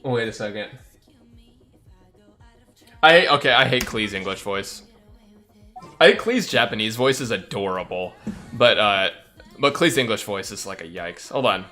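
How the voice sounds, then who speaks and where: Male streamer, casual rambling gaming chat, crisp bright tone, candid opinions. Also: on the low side, expressive, moderate pace, pauses often, soft background music.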